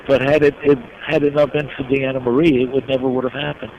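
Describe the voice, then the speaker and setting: An older man from New York, a guest in an interview, telling his life story slowly and with emotion. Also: medium pitch, level tone. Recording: dull lo-fi recording with noise.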